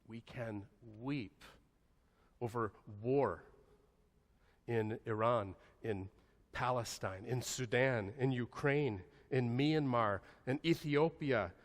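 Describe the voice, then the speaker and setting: Soft-spoken pastor in an echoey church. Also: male voice, medium pitch. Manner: slow, soft-spoken, with long pauses and dropping to a hushed voice. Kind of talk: sermon. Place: church sanctuary.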